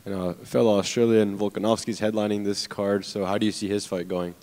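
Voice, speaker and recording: Fast-talking reporter with a very deep voice. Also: male voice, little pitch movement, mellow. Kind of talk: press questions. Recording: reverberant media room.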